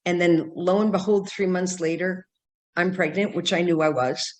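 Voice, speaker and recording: An older woman from San Diego, a psychic medium telling her life story in an interview, animated and acting out the voices she quotes. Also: lowish voice, moderate pace. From San Diego, California.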